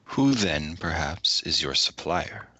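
A man with a very deep voice plays his character in a tabletop game. He speaks slowly, formally and deliberately. His tone is bright, and the sound is dry and close. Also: expressive, breathy edge, no room sound. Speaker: player.

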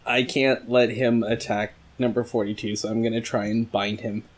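A man's voice: mid-range voice, flat delivery, moderate pace. A man playing in a tabletop game, speaking in a dry, matter-of-fact way. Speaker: player. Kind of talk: casual tabletop game chat.

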